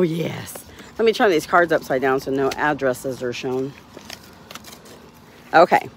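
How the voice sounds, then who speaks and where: A woman's voice: lowish voice, a little hiss or hum. A woman hosting a casual livestream, talking cheerfully to her dogs and laughing often. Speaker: dog owner hosting a livestream.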